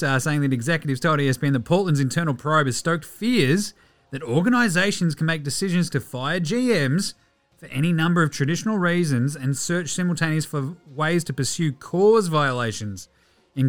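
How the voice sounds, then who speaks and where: A bright, forceful Australian man with a slightly high voice delivers basketball news in a loose, swearing, sarcastic ramble. Faint music sits underneath him. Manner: sarcastic, profane, mocking rants. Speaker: podcast host. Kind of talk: casual sports news commentary.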